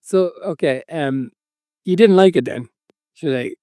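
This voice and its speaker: A man's voice: on the high side, unhurried, dark tone, smooth, no room sound, clean studio sound. A man co-hosting a podcast in casual chat, sheepish and dryly self-deprecating. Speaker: podcast co-host.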